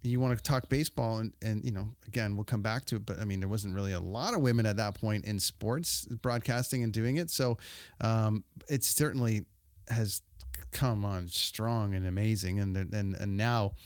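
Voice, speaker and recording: A man's voice: lowish voice, moderate pace, darkish tone, no room sound, clean studio sound. A man from Ontario, Canada, hosting a casual interview, rambling with many fillers and restarts. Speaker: podcast host.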